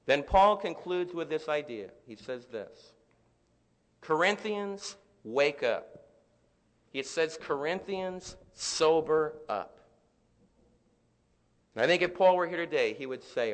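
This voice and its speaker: A male pastor with a slightly high voice delivers a sermon to his congregation. His preaching builds to loud emphatic peaks and falls back to quiet, and it rings with long reverb from a large church sanctuary. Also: expressive, unhurried. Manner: dynamic preaching, rising to loud peaks then dropping soft.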